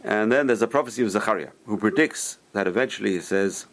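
A man's voice: lowish voice, quick pace, a bit bright. A man teaching a Torah class, retelling old stories with rhetorical questions and Hebrew terms mixed in.

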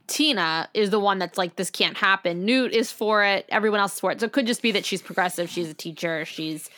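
A woman co-hosting a podcast in casual chat, talking in an animated, enthusiastic way. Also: medium pitch, brisk. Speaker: podcast co-host.

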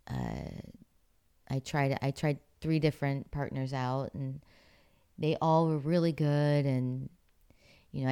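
A woman's voice: a bass voice, mellow, smooth. A woman from Pittsburgh, an actress and former figure skater, telling stories as an interview guest in a chatty way, laughing often. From Pittsburgh, USA. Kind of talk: casual interview storytelling.

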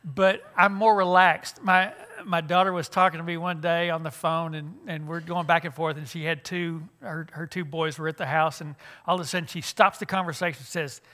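A man's voice: fairly high pitch, steady tone, a little fast, hardly any pauses, bright, forceful tone. An older man, giving a folksy, joking talk at a church conference, with frequent restarts. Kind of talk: humorous seminar talk.

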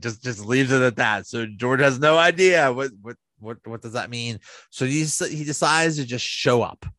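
A man in a casual vlog, rambling through episode retellings with many halting restarts. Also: lowish voice, fairly bright tone, no room sound. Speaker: video host ranking sitcom episodes.

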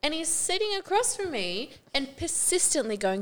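An Australian woman co-hosting a podcast, telling work stories in lively, swearing casual chat and acting out what people said. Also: on the high side, normal speed, few pauses. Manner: animated storytelling, swearing freely, acting out quotes. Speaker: podcast co-host.

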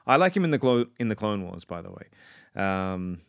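An Australian man with a somewhat low, clear and smooth voice rambles excitedly through a casual review. He stumbles and restarts often, full of ums. The sound is close and dry. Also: moderate pace, no room sound. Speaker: pop culture commentator.

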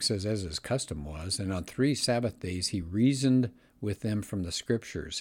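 A man with a fairly low voice talks through a book in a relaxed, conversational way. He leans on small fillers and quotes passages as he goes. The sound is close and dry, with no room around it. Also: slightly rough, no room sound. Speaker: host reviewing an apologetics book. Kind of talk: casual book talk.

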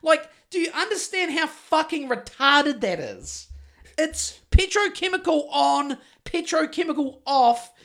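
Middle-aged New Zealand man, high-voiced podcast host who rants and swears hard. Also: very animated, a little slow, a bit bright. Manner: sweary heated ranting. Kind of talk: casual chat.

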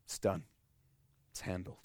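A man preaching a sermon with passion, repeating his phrases, swinging from loud to hushed and acting out voices in his story. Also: measured pace, dry recording. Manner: repeats phrases, acts out voices of God and people. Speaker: pastor.

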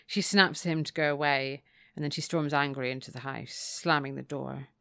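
Low-voiced woman recapping a book. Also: fairly even intonation, normal speed, gravelly, pushed and bright, smooth, no echo. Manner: narrates the plot, laughs often. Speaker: podcast co-host. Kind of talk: casual chat recapping a book.

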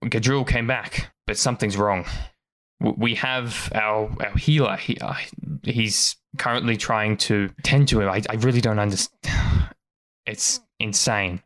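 A man's voice: on the low side, steady tone, unhurried, a bit bright. A man voicing a worried, flustered young guard leader who stammers as he explains. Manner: stammering, rattled.

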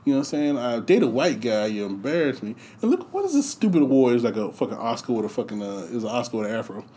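A man's voice: medium pitch, sing-song, fast talker, mellow, slight background noise, natural voice. A man doing an indignant actress impression. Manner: indignant, complaining, profane.

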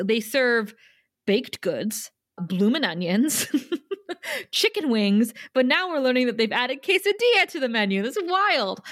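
A woman co-hosting a podcast, casually recapping an episode in an animated way, quoting lines and laughing often. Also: a little high, no room sound, studio quality. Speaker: podcast co-host.

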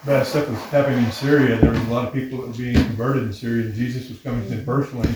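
A man's voice: mid-range voice, fairly even intonation, rapid-fire. A man in a church group discussion, talking informally with many fillers. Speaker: group member. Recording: very echoey room, distant mic, background noise.

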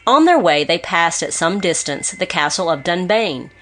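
A woman with a somewhat low voice reads an old gothic novel aloud. Her delivery is measured and expressive, lifting for emphasis on dramatic moments. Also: faint music behind. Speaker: audiobook narrator. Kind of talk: scripted narration of a gothic novel.

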